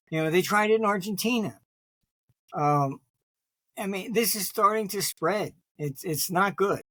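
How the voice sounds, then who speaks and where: A fairly high-pitched man speaks in a dry, close recording. He answers interview questions with long, loose anecdotes, drifting between half-finished sentences and stopping often to clear his throat. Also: a little slow, fairly bright tone, dry recording. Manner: restarts sentences, many fillers. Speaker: interview guest, market forecaster.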